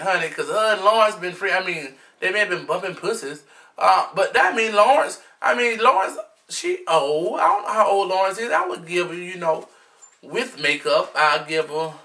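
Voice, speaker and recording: A man's voice: sits high, lively intonation, moderate pace, pushed and bright. A man giving a sassy, flamboyant, blunt gossip commentary as a vlogger, recording himself at home. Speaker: vlogger recapping a reality show. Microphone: camera mic, self-recorded.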